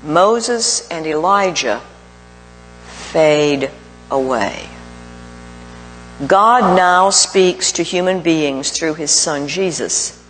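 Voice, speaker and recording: A male preacher delivers his sermon at an unhurried, measured pace, leaning on pauses for emphasis. His voice rings out with a long reverb, as in a large hall. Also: on the high side, lively intonation, a bit bright, faint music behind.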